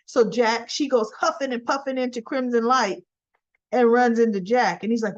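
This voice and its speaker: A woman's voice: on the high side, steady tone, normal speed, highs cut off. A woman casually recapping a soap opera episode, animatedly quoting the characters' lines in lifted voices.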